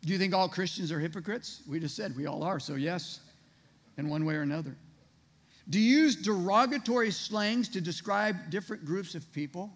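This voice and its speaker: A male pastor delivers a casual, conversational sermon, peppering the room with rhetorical questions. His voice sits high for a man. The sound rings with the long reverb of a large church hall. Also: lively intonation, normal speed. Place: church sanctuary.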